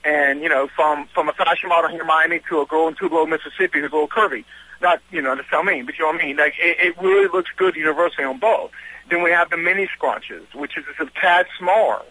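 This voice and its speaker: A man's voice: a little high, fast, bright, forceful tone, breathy edge, poor audio. A man with a Southern US accent from North Carolina, a guest on an interview, talking eagerly in a rambling way full of restarts and repeated words. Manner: eager and talkative. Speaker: guest, swimwear designer and fitness trainer. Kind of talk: casual interview chat.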